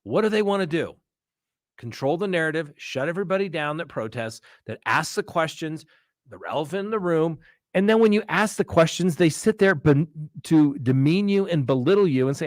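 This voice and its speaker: A man's voice: on the high side, expressive, moderate pace, no echo, studio quality. A man hosting a live crime-talk stream, speaking like a defense attorney, with emphatic, ranting delivery and mocking quoted voices. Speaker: host. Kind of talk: live true-crime commentary.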